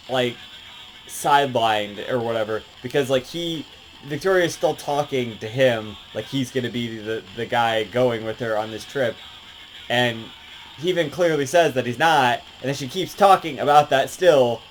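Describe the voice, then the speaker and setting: A man's voice: mid-range voice, unhurried, slight background noise, low-quality recording. A man casually talking through a video game, rambling with lots of fillers and swearing. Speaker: game reviewer. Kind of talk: casual game review commentary.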